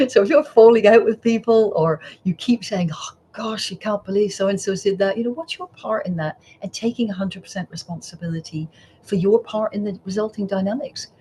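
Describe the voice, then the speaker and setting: Aussie lady psychologist on a podcast, middle-aged, acts out the voices in her stories, bit of hiss. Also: medium pitch. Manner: warm storyteller, acts out quoted voices. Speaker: psychologist guest. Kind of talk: podcast interview.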